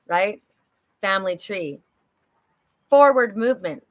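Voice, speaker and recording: A woman's voice: medium pitch, moderate pace, sharp tone. Upbeat middle-aged woman reading oracle cards. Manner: chatty, upbeat spiritual cheerleader, talks to viewers. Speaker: oracle card reader and psychic host.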